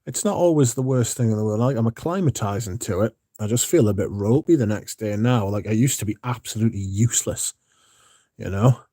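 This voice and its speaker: A man's voice: on the low side, a little fast, warm tone, no echo, studio quality. A man hosting a casual livestream, sleepy and yawning, rambling and swearing as he chats to his viewers. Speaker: livestream host.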